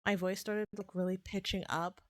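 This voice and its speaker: A woman's voice: medium pitch, little pitch movement, moderate pace, dry recording. A young woman chatting casually on a livestream, rambling, joking at her own expense and laughing often. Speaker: streamer.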